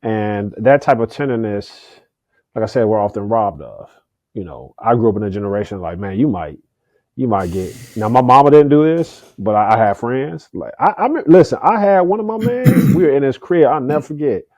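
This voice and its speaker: A man's voice: mid-range voice, lively intonation, brisk, dark tone, no room sound. A middle-aged man speaking candidly as a podcast guest, earnest, often repeating words as he starts a thought. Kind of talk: candid conversational interview.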